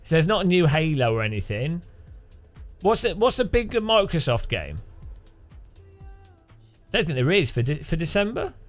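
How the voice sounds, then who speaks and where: A British man chatting through a live gaming stream, rambling and joking as he restarts his sentences. His pitch runs high and moves about a lot. Faint music sits behind him. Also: sing-song, normal speed, pauses often. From Britain. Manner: rambling, jokey, restarts often. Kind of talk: casual live gaming chat.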